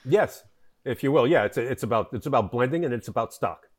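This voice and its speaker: A man's voice: medium pitch, lively intonation, a little fast, slightly rough. A man, a wine importer, talking as a podcast guest and explaining history at length, with many fillers and restarts. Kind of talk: conversational interview.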